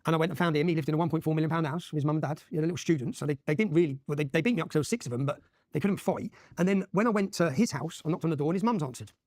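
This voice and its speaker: Man, very fast talker, emphatic storytelling, voice a touch high, dry close sound. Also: darkish tone, dry recording. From Luton, England. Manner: rapid, emphatic, keeps checking with "yeah?". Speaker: interview guest. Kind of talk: animated personal storytelling.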